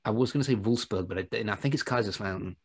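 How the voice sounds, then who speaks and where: A man's voice: fairly low pitch, fast talker, husky. Jokey man rambling through banter. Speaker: podcast co-host. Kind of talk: casual chat.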